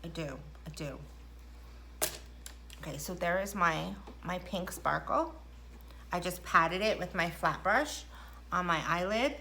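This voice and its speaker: A woman's voice: on the low side, a little slow, long pauses, noisy background. A middle-aged woman chatting casually through a makeup tutorial at home, rambling and self-deprecating. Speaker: makeup vlogger. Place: indoors at home.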